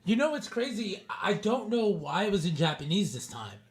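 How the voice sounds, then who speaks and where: A man with a notably high-pitched voice gives relaxed live-stream commentary while he plays. He talks loosely to his chat, greets viewers by name and drops casual swears. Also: normal speed. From New York City. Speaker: game streamer.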